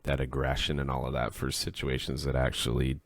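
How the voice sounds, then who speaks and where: A man's voice: a bass voice, completely flat delivery, brisk, dry recording, studio quality. A man co-hosting a podcast in casual chat, rambling and acting out the things people say to him. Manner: rambling, acts out quoted speech. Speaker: podcast co-host; workplace supervisor.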